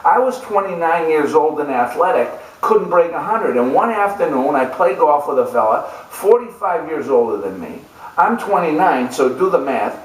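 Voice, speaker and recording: A man's voice: fairly high pitch, very animated, moderate pace, roomy sound, recorded from a distance, rough recording. A man telling a humorous golf story, a storyteller who often repeats "and, and" as he goes. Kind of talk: humorous anecdotal talk.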